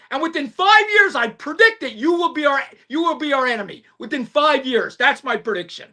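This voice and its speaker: A woman's voice: high voice, animated, moderate pace, hardly any pauses, sharp tone. A woman co-hosting a podcast, delivering a fired-up, profane political rant with emphatic repetition. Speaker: podcast co-host.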